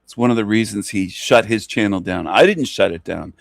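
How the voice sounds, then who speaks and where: A man's voice: on the low side, a little fast, vocal fry, no echo, clean studio sound. A man hosting his own channel, delivering a taunting, contemptuous monologue full of repeated jabs. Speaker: channel host. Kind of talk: ranting monologue.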